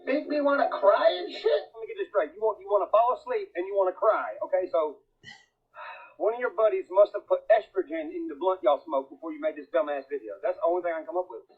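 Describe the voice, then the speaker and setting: Profane ranting man, raspy, high. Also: fast talker. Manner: mocking, profane, heckling. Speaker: commentator in a played clip. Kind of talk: crude ranting roast. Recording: tinny phone-like playback.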